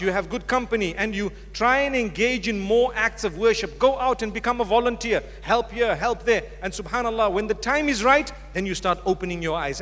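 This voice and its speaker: A man's voice: high-pitched, a bit bright. A man giving a public religious lecture to a live audience, speaking directly and with humor. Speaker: Islamic preacher. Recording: long hall reverb from a lecture hall.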